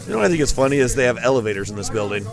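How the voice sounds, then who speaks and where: A man's voice: medium pitch, lively intonation, rapid-fire, gravelly, a crowd in the background. A man giving rambling, playful live commentary on a school esports match. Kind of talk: joking live game commentary.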